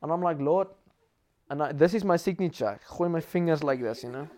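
With a South African accent, this preacher livens up his sermon with personal anecdotes and sprinkles Afrikaans into his English. He speaks on the high side and a little fast.

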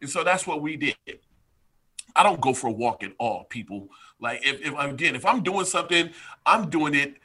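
A man from the United States tells a story as a podcast guest, talking straight to his listeners with lively energy. His voice is bright and forceful, pitched a bit high for a man. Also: moderate pace, husky. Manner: animated storyteller, addresses listeners directly. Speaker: podcast guest, strength coach. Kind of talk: casual chat, storytelling.

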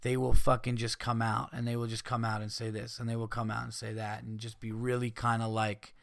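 A man hosting a podcast, ranting casually with heavy swearing and mocking people in put-on high voices. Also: little pitch movement, brisk, gravelly, fairly bright tone, dry recording, studio quality. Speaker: podcast host. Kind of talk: casual rant.

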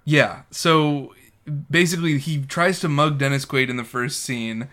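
A man's voice: fairly high pitch, steady tone, measured pace, a bit bright. A man co-hosting a film podcast in casual chat, wry and joking. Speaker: podcast co-host.

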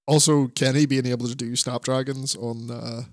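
A man's voice: medium pitch, steady tone, normal speed, no echo, clean studio sound. A man co-hosting a podcast, chatting casually and rambling about wrestling, swearing and laughing often. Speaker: podcast co-host.

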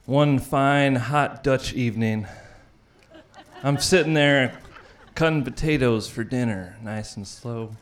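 A man telling a live personal story, wry and lively, laughing through his lines. His voice sits at an ordinary pitch. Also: slow.

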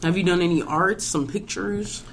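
A woman's voice: fairly low pitch, normal speed, slight background noise. A woman hosting a podcast in casual chat, blunt and profane as she rants. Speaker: podcast host.

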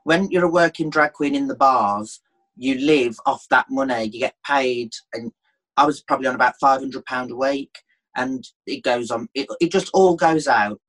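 A man's voice: mid-range voice, fairly bright tone. A man, chatting as a guest on a talk show. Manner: chatty, quick to mimic others. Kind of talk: casual chat.

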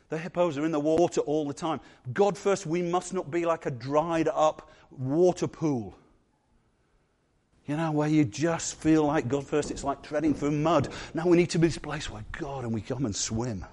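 Male pastor, higher voice, animated sermon delivery with playful asides. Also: normal speed.

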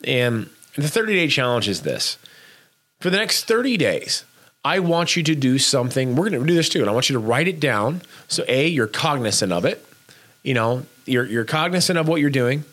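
A man's voice: medium pitch, a bit bright. A man co-hosting a casual chat, urging listeners to be kind, talking emphatically and bluntly with frequent restarts.

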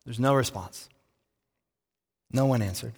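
A man preaching a sermon as a pastor, telling the story in a lively way and acting out the quoted lines with playful taunts. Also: medium pitch, a little slow, breathy edge, long reverb tail.

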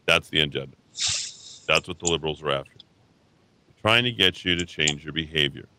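A man's voice: low voice, normal speed, pauses often, background noise. A tired man hosting a talk radio show, ranting bluntly and combatively about politics. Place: radio studio. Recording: steady keyboard typing and clicks behind.

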